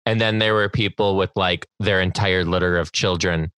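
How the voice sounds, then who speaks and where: A man's voice: low voice, fairly even intonation, moderate pace, fairly bright tone, clean tone, dry recording. A man hosting a casual chat, reacting bluntly and teasing his guest.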